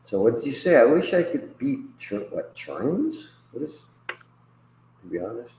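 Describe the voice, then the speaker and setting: A man's voice: mid-range voice, sing-song, a little slow, warm tone, reverberant, a little hiss or hum, low-quality recording. A man hosting a casual livestream chat, rambling and profane, laughing often between remarks. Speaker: host.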